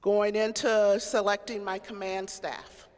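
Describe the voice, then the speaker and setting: A woman's voice: mid-range voice, little pitch movement, measured pace, darkish tone. A middle-aged woman, a county sheriff, giving a candid personal storytelling speech and acting out the voices she quotes. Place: large cathedral. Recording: long hall reverb.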